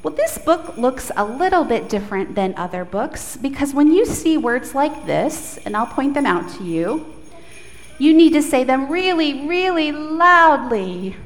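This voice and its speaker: High-voiced woman pastor in an echoey church. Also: a little slow. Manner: animated, coaxing storyteller with children. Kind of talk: prayer and children's storytelling. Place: church sanctuary. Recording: echoey church hall, faint noise.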